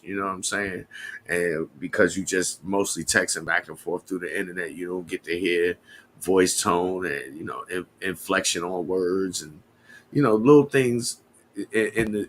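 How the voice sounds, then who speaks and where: A man's voice: sits low, fairly bright tone, slight background noise. A man hosting a casual podcast chat, reflecting in laid-back slang. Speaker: podcast host.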